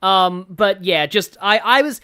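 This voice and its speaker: A woman's voice: mid-range voice, unhurried, sharp tone, clear, resonant tone. A woman with an Australian accent chatting casually while streaming a game, rambling with lots of fillers. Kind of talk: casual live-stream commentary.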